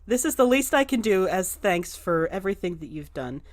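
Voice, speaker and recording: A woman's voice: medium pitch, very animated, fairly quick, no echo, lightly acted. A woman voicing a blunt, tough female ship captain. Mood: brisk.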